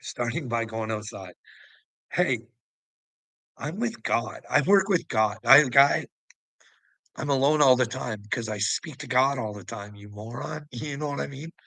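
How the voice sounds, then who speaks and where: A man's voice: mid-range voice, unhurried, bright, forceful tone, dry recording. A man talking to the camera in a rambling, preachy monologue, swearing constantly. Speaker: vlogger.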